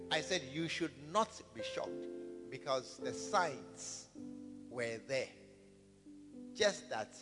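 A man preaching a sermon, telling stories, repeating phrases and calling for amens. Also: medium pitch. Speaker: pastor. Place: church. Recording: reverberant hall with guitar music.

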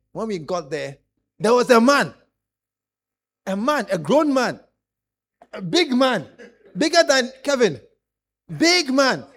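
A man preaching a lively sermon, acting out stories and laughing along with the congregation. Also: high-pitched.

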